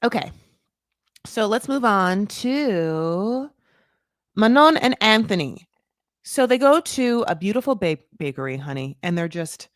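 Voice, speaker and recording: A woman in her thirties hosting a casual recap, chatty and swearing, with lots of "like" and sudden jumps in pitch for emphasis. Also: no room sound, studio quality. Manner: lively, jumps high for emphasis. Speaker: recap podcast host. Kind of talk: casual chat.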